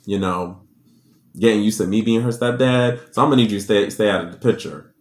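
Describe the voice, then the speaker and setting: Smug, coolly dismissive stepdad, a man doing him with a lowish, patronizing voice in an echoey room. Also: fairly quick, lightly acted.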